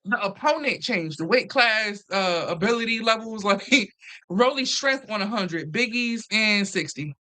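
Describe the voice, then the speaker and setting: Bright-voiced woman in casual, animated chat. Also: medium pitch, unhurried. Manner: animated, profane, acts out quotes. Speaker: host. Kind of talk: casual reality TV recap chat.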